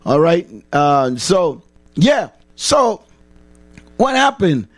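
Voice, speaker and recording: High-voiced Jamaican man, repetitive and emphatic. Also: very animated, drawn-out words. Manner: repetitive, emphatic, slips into patois. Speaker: chaplain. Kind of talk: casual livestream monologue.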